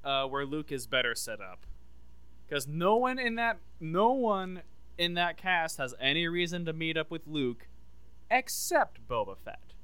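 A man with a bright, crisp, clear voice talks in a loose, rambling podcast chat. He is enthusiastic and pitches ideas as he goes. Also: sing-song, unhurried, no room sound. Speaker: podcast co-host. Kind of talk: casual chat.

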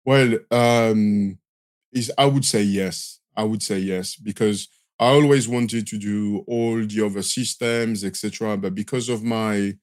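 A man in his forties from France, with a strong Marseille accent and a lowish, darkish, fairly even voice, speaks unhurriedly as a guest in a casual interview, recorded with no room sound. A lighting system designer, he's hesitant, using many fillers and restarts.

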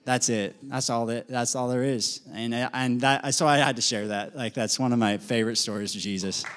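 A man casually sharing a testimony at a church gathering, rambling and animated, with lots of fillers. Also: medium pitch, normal speed. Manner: animated, filler-heavy storytelling with acted quotes. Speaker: congregation member sharing a testimony.

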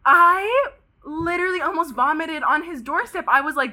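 A young woman of about twenty from Pasadena, California, a podcast guest telling a story in an animated, dramatic way, full of "like" and swearing. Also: very high voice, normal speed. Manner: dramatic, animated retelling, heavy use of "like" and swearing. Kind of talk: casual storytelling chat.

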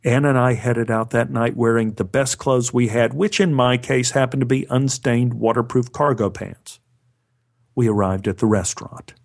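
A male storyteller with a middle-pitched voice, narrating a scripted personal tale. His delivery is wry and dry, landing jokes with a straight face. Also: steady tone, moderate pace, gravelly. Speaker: storyteller, actor.

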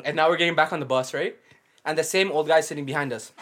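A man's voice: a little high, fast, fairly bright tone, slight background noise. A young man telling a story in casual chat, full of laughter and slang.

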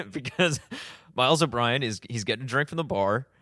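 Man in his thirties, casual podcast co-host; animated, bright, expressive delivery. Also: mid-range voice, moderate pace, dry recording, clean studio sound. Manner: animated, laughs often, acts out quotes.

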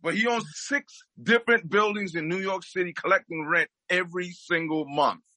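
A man's voice: sits high, bright, forceful tone, no room sound, rough recording. A man speaking as a guest, giving impassioned political commentary and repeating his points for emphasis.

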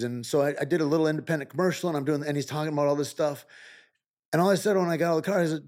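Animated middle-aged man telling stories. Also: fast. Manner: animated, acts out quoted dialogue with rising pitch. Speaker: podcast guest. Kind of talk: storytelling in a casual interview.

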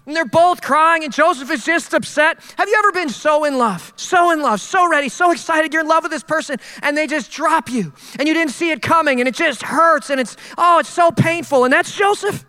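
A male pastor delivers a sermon with animated, conversational energy and a joking streak. His voice is high and bright for a man, and it carries a long reverb from a church hall. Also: fairly quick, hardly any pauses.

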